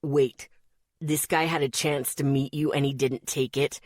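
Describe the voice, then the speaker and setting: A woman voicing a brooding teenage boy with a gravelly voice. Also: very deep voice, fairly even intonation, drawn-out words, mellow, no echo, studio quality, voice pushed down, heavily acted. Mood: suspicious.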